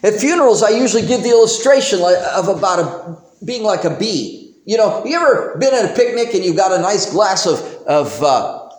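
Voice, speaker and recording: A high-voiced male pastor preaches with a lively, swooping delivery and homely humor. He speaks slowly and emphatically. His voice rings in a roomy church echo. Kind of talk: sermon.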